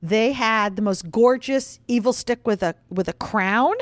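Bubbly, higher-pitched woman co-host. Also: a little slow, no echo, studio quality. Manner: chatty, excitable, trails off mid-sentence. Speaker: podcast co-host. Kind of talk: casual chat.

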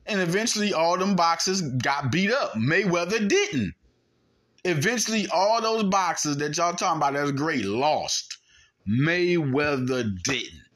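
A man's voice: high voice, animated, moderate pace, fairly bright tone. A man hosting a podcast, talking in a heated, argumentative sports monologue and mimicking punches with sound effects. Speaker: podcast host. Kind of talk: animated sports commentary monologue.

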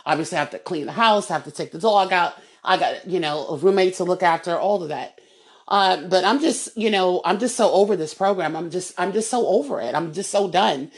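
A woman with a fairly low voice hosts a solo podcast monologue. She talks in a heated, emphatic way, and she often circles back and repeats her words. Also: fairly quick. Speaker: podcast host.

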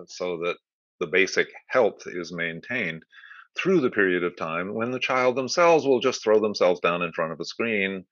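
Older guy talking movement stuff, low bright voice, kinda muffled dry sound. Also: no echo. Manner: thoughtful, explanatory, rambling asides. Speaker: movement educator guest. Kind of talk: conversational interview explanation. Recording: dull lo-fi dry remote audio.

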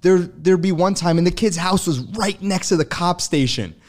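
A man's voice: sits high, moderate pace, darkish tone. A young man as an interview guest, telling his story loosely and profanely with many fillers and frequent chuckles.

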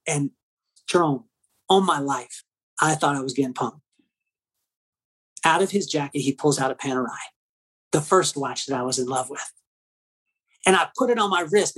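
A man tells a personal story at a quick clip, his voice a little husky. He jumps in pitch as he acts out what each person said. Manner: fast, lively, acts out dialogue with shifting pitch. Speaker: hairstylist telling a story.

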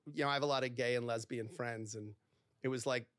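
A man, a divorce lawyer, talking candidly as a podcast guest, animated and acting out the dialogue in his stories, with lots of "like". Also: mid-range voice, fairly quick, clear, resonant tone, dry recording, clean studio sound. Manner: animated storyteller who acts out quoted dialogue, heavy use of "like".

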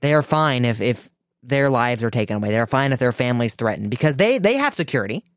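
On his own radio show, a man delivers political commentary, emphatic and indignant, frequently restarting phrases. He talks fast in a smooth, resonant mid-range voice with big pitch swings. It's recorded dry and close, with no room sound.

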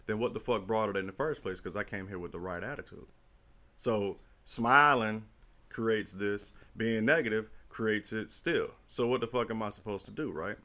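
A middle-aged man with a slightly low voice tells a rambling story in casual talk. He is animated and profane, and he keeps circling back to make his point. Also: a little slow.

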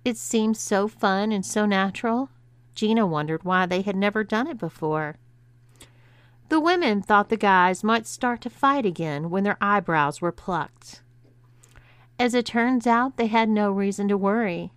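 A woman narrating an erotic audiobook in a measured, steady storytelling manner. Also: mid-range voice, clear, resonant tone, no room sound.

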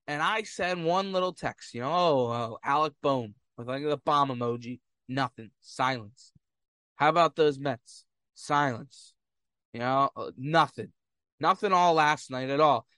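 A man's voice: fairly high pitch, a bit bright, dry recording. A man giving casual sports commentary, fired up and trash-talking rival fans.

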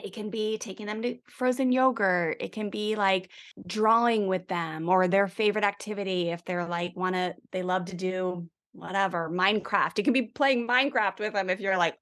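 A woman's voice: medium pitch, moderate pace. A middle-aged woman, a parenting guest expert, speaking in a conversational interview and acting out quoted lines to children and a spouse. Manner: animated, acts out quoted lines to kids and spouse.

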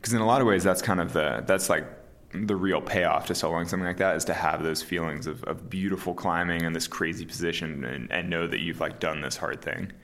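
A man in his thirties, an interview guest talking casually and calmly, with many fillers and restarts. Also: deep voice, brisk. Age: 30s. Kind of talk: casual conversation.

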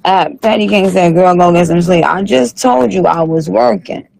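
A man's voice: high-pitched, moderate pace, vocal fry, a little mellow, low-quality recording. A man doing a comic impression of a sassy, tired female rap star who reads live chat comments on a late-night stream, with a drawling, profane manner.

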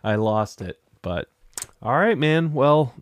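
Young guy hosting a podcast, rambly and casual, tons of restarts, mid pitch, dry close mic. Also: animated, slow, dry recording. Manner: rambling, lots of restarts and fillers. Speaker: podcast host. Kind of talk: casual chat.

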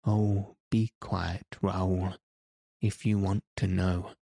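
A frightened young woman singer who pleads softly, voiced by a man reading an audiobook. The voice stays low and level, and the pace is very slow. The recording is close and dry. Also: little pitch movement, gravelly, no echo, exaggerated voice. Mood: pleading.

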